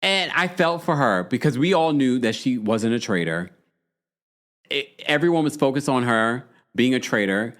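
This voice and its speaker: Animated man chatting on a live show. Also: medium pitch, moderate pace. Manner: animated, acts out quoted lines in shifting voices. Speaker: podcast host recapping reality TV. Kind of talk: casual chat, reading out live chat comments.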